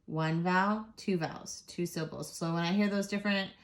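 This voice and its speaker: A woman teaching a first grade phonics lesson, sounding out letters slowly and patiently and praising the class. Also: fairly low pitch, steady tone.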